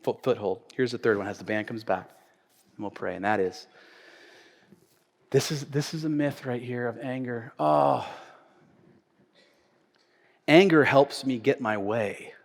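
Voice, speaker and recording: A male pastor preaching a sermon in a church sanctuary, conversational, swinging from loud emphasis to quiet asides. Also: medium pitch, unhurried, vocal fry, long pauses. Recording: echoey church hall.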